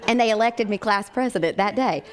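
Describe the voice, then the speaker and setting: An American woman, a chiropractic doctor, telling a personal story in a lively way with frequent laughter. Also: medium pitch, fairly quick, some chatter behind.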